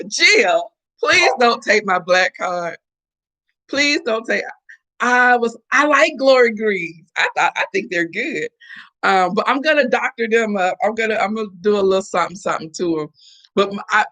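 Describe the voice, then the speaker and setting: A woman's voice: mid-range voice, fairly bright tone. Chatty woman hosting a morning live chat. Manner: chatty, playful, talks back to viewers. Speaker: live-stream host. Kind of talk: casual morning chat reading viewer comments.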